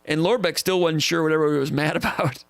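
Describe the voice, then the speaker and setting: A man hosting a live show and answering viewer questions, telling stories in a casual, animated way and repeating phrases for emphasis. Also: on the high side, quick pace, creaky, clean tone, no room sound. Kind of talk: casual live-stream storytelling.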